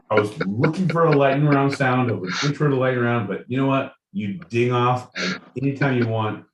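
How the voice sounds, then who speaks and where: A man's voice: mid-range voice, distant mic, background noise. A man co-hosting a comedy podcast, bantering with mock outrage and lots of swearing. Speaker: podcast co-host. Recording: echoey room, voice from off-mic.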